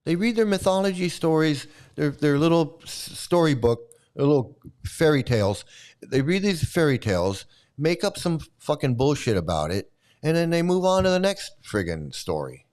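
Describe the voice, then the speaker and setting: A man's voice: fairly high pitch, big pitch swings, moderate pace, darkish tone. A man hosting a commentary channel, giving an angry, profane and mocking rant. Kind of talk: ranting commentary.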